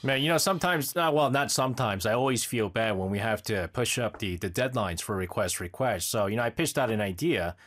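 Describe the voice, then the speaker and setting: A man's voice: fairly low pitch, animated, fairly quick, hardly any pauses, a bit bright. A male radio host chatting casually on air, rambling, breaking off mid-thought and laughing often, in a radio studio.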